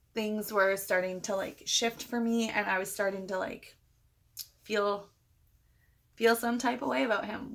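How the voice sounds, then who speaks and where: A woman's voice: mid-range voice, sharp tone. Chatty young woman telling a story. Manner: chatty, retells conversations with many "I'm like" quotes. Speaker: vlogger. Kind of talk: casual storytime.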